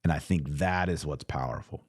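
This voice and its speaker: A man's voice: rumbling low, moderate pace, no room sound, clean studio sound. A man hosting a livestream, reading viewer comments aloud and answering them in an earnest, emphatic way that often repeats phrases. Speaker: host reading super chats.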